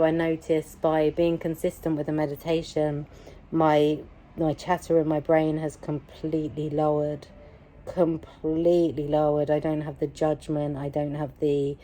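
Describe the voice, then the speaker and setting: A woman, telling a personal story in a casual, emphatic way, repeating phrases for weight. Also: sits low. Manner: emphatic, repetitive, animated retelling. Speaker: vlogger.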